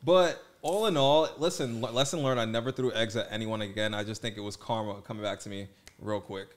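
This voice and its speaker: A young man co-hosting a casual podcast, an animated, playful storyteller who gets defensive when teased. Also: fairly low pitch, brisk. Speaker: podcast co-host. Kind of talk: casual chat.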